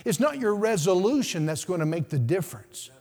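A man preaching a sermon as pastor, swinging from hushed, quiet passages to loud, climbing peaks. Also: sits high, sing-song, fairly quick. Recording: long hall reverb.

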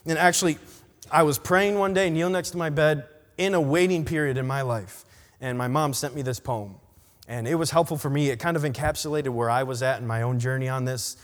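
A young adult man preaching a sermon in an animated, emphatic way. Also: fairly high pitch. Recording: long reverb of a large hall.

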